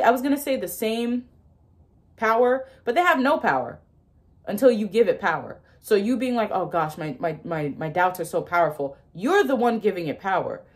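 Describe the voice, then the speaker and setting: A young woman talks straight to her viewers in a casual, emphatic way. She laughs often and slips into little acted-out inner voices as she explains. Her pitch sits in the middle range. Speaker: manifestation content creator.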